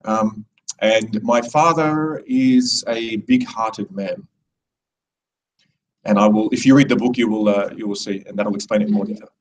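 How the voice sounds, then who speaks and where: A man's voice: on the low side, fairly even intonation, a little slow, recorded from a distance, poor audio. A man in his thirties giving a rambling, digressive live speech to an audience, with many restarts. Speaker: speaker at a live event.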